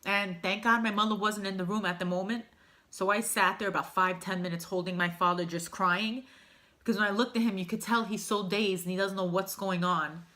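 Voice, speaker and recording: A woman's voice: medium pitch, fairly even intonation, brisk, pushed and bright. A woman vlogger telling a personal story to camera in a candid, emotional, rambling way. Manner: emotional, heartfelt, rambling with fillers.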